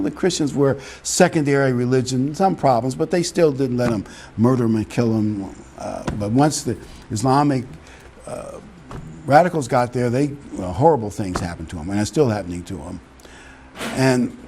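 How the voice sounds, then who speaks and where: A man's voice: mid-range voice, a little mellow. A middle-aged man preaching a sermon in a conversational way, with emphatic peaks. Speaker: pastor.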